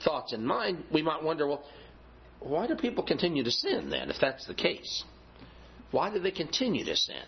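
A middle-aged man preaching a sermon, repeating key phrases slowly for emphasis. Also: a little high. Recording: dull lo-fi recording.

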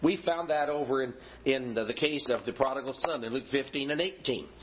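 A middle-aged man preaching a sermon, repeating key phrases slowly for emphasis. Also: medium pitch, slight background noise. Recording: dull lo-fi recording.

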